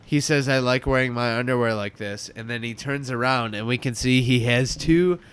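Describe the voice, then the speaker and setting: A man's voice: medium pitch, moderate pace, slight background noise. A young man co-hosting a podcast, casually recapping a cartoon, joking, swearing and mimicking characters. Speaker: podcast co-host.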